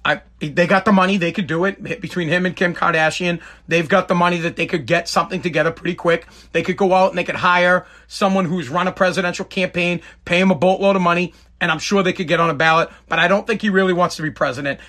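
A man's voice: sits high, steady tone, quick pace, few pauses, fairly bright tone. A middle-aged man, hosting a podcast in a blunt, emphatic casual monologue that repeats points for effect. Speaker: podcast host.

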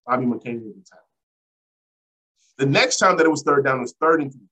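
Husky, worked-up male fan recapping. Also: mid-range voice, fairly quick, poor audio. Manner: animated, exasperated play-by-play retelling; repeats phrases for emphasis. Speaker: podcast host and fan. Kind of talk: solo sports podcast recap.

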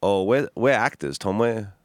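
A man's voice: fairly low pitch, expressive, normal speed, no echo, studio quality. A man, a comedian and podcast co-host, telling crude, joking stories in casual banter. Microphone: headphones and studio mic.

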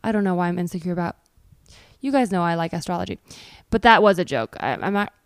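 A woman's voice: lowish voice, lively intonation, quick pace, smooth, no echo. A woman hosting a podcast, introducing clips in a chatty, candid and self-deprecating way, with many fillers. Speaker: podcast host. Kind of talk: casual podcast chat and clip introductions.

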